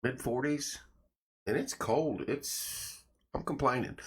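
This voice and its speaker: Man, morning live-stream host, folksy and joking, very animated pitch. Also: unhurried, long pauses. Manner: folksy, joking, greets viewers by name. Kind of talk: casual live-stream chat reading viewer comments and sponsor plugs. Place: small home studio room.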